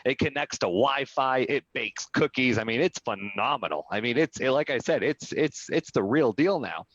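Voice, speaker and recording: A man's voice: medium pitch, animated, normal speed, a bit bright, dry recording. A man being interviewed on a live video call, telling a personal story in an earnest way and often asking "right?". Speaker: real estate brokerage executive, guest. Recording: dull lo-fi sound, dry.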